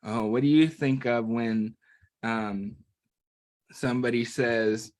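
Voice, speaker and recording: A man's voice: mid-range voice, slow pace. A man reading a picture book aloud to young children, playful, often stopping to ask them questions. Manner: playful and animated, talks to children, asks them to join in. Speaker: children's story reader.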